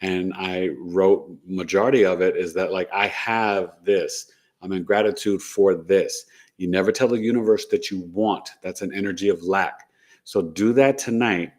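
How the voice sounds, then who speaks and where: A man's voice: low-pitched, fairly even intonation, normal speed. A man hosting an astrology show, talking casually and rambling, often ending points with "right?". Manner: rambling, tags sentences with "right?". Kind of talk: casual live-stream talk.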